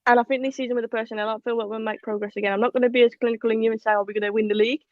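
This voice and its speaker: Fast-talking woman co-hosting a football chat. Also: fairly high pitch, no room sound, phone-quality sound. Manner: chatty, animated, reads viewer comments aloud. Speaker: podcast co-host. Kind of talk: casual live football chat.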